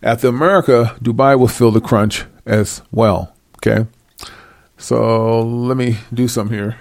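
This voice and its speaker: A man's voice: mid-range voice, steady tone, a little slow, no echo, studio quality. A man reading Bible verses aloud and preaching over them in a blunt, confrontational and mocking way. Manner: reads verses aloud then explains them. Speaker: self-styled Bible teacher. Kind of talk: scripture reading with fiery commentary.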